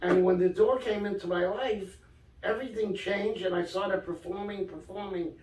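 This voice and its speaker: A man's voice: high-pitched, normal speed. An older man from Brooklyn, animatedly telling stories from his life as a guest in an interview. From Brooklyn, New York. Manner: animated storyteller, acts out quoted dialogue. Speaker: guest author. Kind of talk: casual storytelling interview. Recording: echoey room, distant mic.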